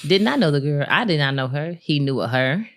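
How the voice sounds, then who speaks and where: An adult married woman with a son co-hosts a podcast, candidly sharing a personal story in casual chat. She retells it animatedly with laughs and acts out what people said. Her voice is deep and a little fast.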